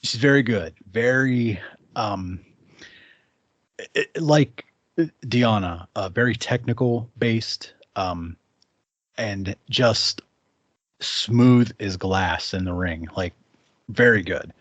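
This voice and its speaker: A man's voice: fairly low pitch, slow pace, pauses often, no echo, dull audio. A man co-hosting a casual wrestling talk show, enthusiastic and rambling, full of fillers. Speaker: podcast co-host.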